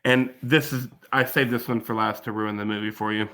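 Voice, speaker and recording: A man's voice: medium pitch, fairly even intonation, a little fast, a bit bright, slight background noise. A man hosting a movie podcast, reading out trivia in a methodical, matter-of-fact way and chatting casually. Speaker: podcast host.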